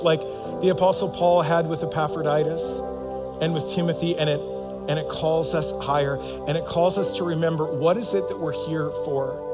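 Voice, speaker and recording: A high-voiced male pastor delivers an earnest, emphatic sermon, now and then breaking into loud bursts. His voice rings out with the long reverb of a church hall. Faint music sits underneath. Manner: earnest, emphatic preaching with sudden loud acted outbursts. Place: church sanctuary.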